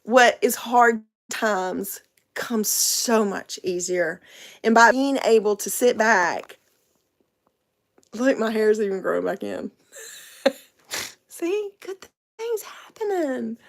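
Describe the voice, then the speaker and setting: A woman's voice: on the high side, animated, takes it slowly, gravelly, pauses often. Chatty woman, laughing often. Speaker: vlogger. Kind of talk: casual livestream monologue.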